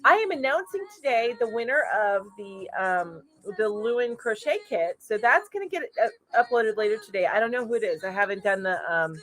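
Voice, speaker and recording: A woman's voice: a little high, animated, moderate pace, hardly any pauses, a bit bright. A woman hosting a casual crochet live stream, reading viewer comments aloud and chatting in a gushing way with lots of fillers. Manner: gushing and chatty, coos over her pet, many fillers. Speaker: host of a weekly crochet live chat.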